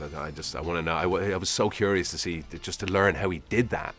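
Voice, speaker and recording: A man's voice: deep voice, fast, hardly any pauses, fairly bright tone. Chatty, self-deprecating man in his forties. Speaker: actor interviewee. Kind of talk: casual interview answers.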